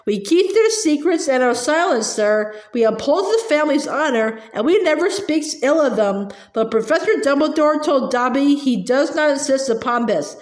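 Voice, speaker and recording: A woman voicing an eager, servile male house-elf who talks in a squeaky voice and calls everyone sir. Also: expressive, moderate pace, hardly any pauses, reverberant. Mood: earnest.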